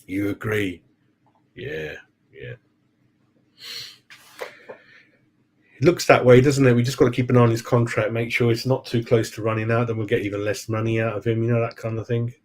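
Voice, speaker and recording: A man talks casually to his viewers about his football club. He rambles, stops to hunt for names, and tacks "mate" onto his sentences. His voice sits at a middle pitch. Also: moderate pace, pauses often, darkish tone. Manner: rambling and chatty, calls people "mate", forgets names. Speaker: football fan channel host. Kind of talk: casual live-stream chat with viewers.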